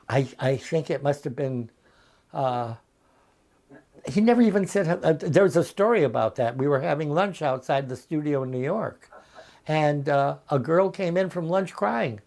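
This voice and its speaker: A man in his eighties, a veteran actor as an interview guest, telling anecdotes in a lively, chuckling way over a video call from his home. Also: on the high side, moderate pace. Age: 80s. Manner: lively raconteur, often chuckling. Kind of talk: anecdotal storytelling.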